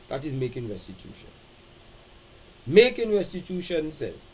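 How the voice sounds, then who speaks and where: A man hosting a live-stream talk, animated and preacherly, reading out viewer comments and acting out quoted speech. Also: on the high side, moderate pace, long pauses, poor audio. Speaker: show host.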